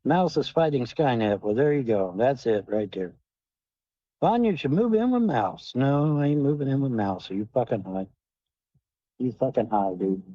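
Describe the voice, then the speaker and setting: A man with a higher pitch and a mellow, dark tone rambles profanely through a livestream, answering the chat from his car. The sound is dry and lo-fi. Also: no room sound. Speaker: livestream host. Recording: dull, dry lo-fi stream audio.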